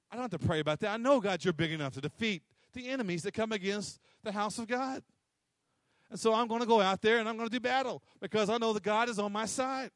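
A man's voice: high-pitched, fairly bright tone, no echo, clean studio sound. A man preaching a sermon, emphatic and repetitive, acting out little quotes. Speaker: pastor.

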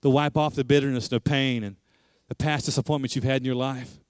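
A man's voice: medium pitch, fairly even intonation, fast, smooth, dry recording, studio quality. A male pastor giving an earnest sermon and altar call, pleading with listeners. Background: faint music.

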